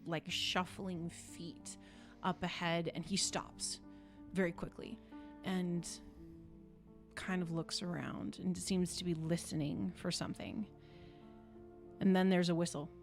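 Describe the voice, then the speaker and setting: Slow-paced woman game master. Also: lowish voice, flat delivery, faint music behind. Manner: descriptive, with frequent fillers. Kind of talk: tabletop game narration.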